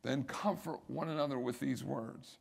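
A man's voice: mid-range voice, fairly even intonation, normal speed, gravelly, slightly rough. A middle-aged male pastor preaching a sermon, building emphasis and repeating key phrases.

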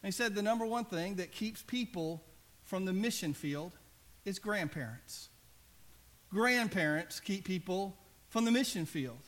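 A man preaching a sermon as pastor, conversational and earnest, often dropping soft and low for emphasis. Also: expressive, unhurried.

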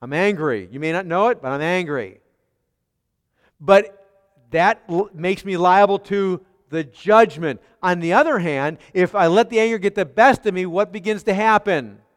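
A man preaching an expository sermon, asking his hearers rhetorical questions and swinging between quiet and emphatic delivery. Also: high-pitched, clear, resonant tone. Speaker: pastor. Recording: long hall reverb.

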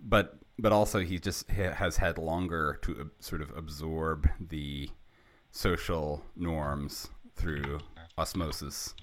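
A young man co-hosting a podcast, talking in a wry, drawn-out way with trailing ums. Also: a bass voice, steady tone. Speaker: podcast co-host. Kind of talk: casual chat.

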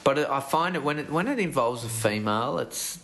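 A man's voice: mid-range voice, expressive, brisk, a bit bright, slight background noise. A man, co-hosting a casual sports chat podcast, thoughtful and a little hesitant. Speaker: podcast co-host.

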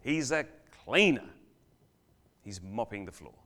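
With a mid-range, sing-song voice, an older guest preacher tells a story in his church sermon. He pauses dramatically, swells loud on questions, and falls to a near whisper on key lines.

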